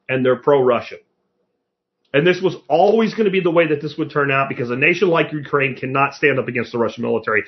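A man's voice: fairly high pitch, dull audio. Blunt, profane male podcast host. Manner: blunt, profane and sarcastic, with rapid rhetorical questions. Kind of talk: political commentary monologue.

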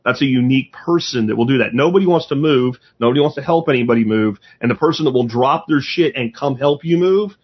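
A man with a husky, slightly breathy voice talks in blunt, rambling bursts, swearing freely in casual conversation. The recording is a little dull and muffled. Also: mid-range voice, quick pace, hardly any pauses. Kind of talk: casual chat.

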